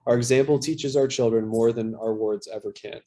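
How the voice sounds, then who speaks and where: A man's voice: mid-range voice, fairly even intonation, a little fast, mellow. A man in his thirties sharing candidly at a recovery workshop, talking in a casual, self-deprecating way with plenty of fillers and swearing. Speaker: workshop speaker.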